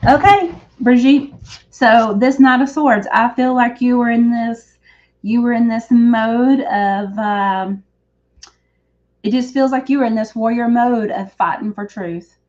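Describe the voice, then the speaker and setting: In the back room of a shop, a psychic reader does a live tarot reading, chatty and rambling, often correcting herself. Her fairly high, slightly mellow voice keeps a measured pace, and the stream audio is dull and lo-fi.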